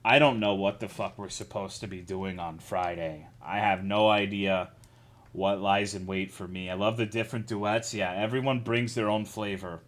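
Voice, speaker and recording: A man's voice: fairly low pitch, fairly even intonation, normal speed. A man streaming live, chatting casually with his chat, greeting viewers and swearing a lot while joking around.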